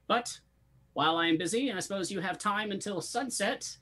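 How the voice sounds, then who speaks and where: A man putting on a high pompous goblin boss. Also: normal speed, sharp tone. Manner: formal, pompous.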